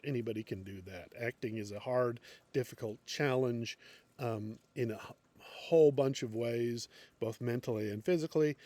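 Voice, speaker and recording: Male acting teacher, middle-aged, rambling unscripted lecture, average pitch. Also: a little mellow. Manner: unscripted, many ums and restarts. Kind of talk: classroom lecture.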